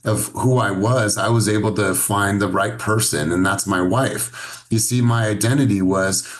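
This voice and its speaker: A man's voice: fairly low pitch, steady tone, normal speed. A man leading a coaching session on a video call, earnest and encouraging, asking the group many questions. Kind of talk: coaching talk.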